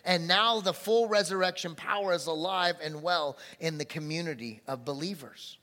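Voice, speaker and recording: A man preaching a sermon as pastor, with sudden loud animated bursts. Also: on the high side, moderate pace. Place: church sanctuary. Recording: long reverb of a church hall.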